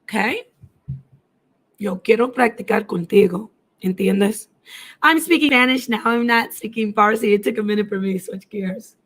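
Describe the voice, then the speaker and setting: A middle-aged woman hosts a casual live stream, chatting with viewers and hopping between languages as she answers the chat. Her mid-range voice is fairly bright and moves at a normal speed.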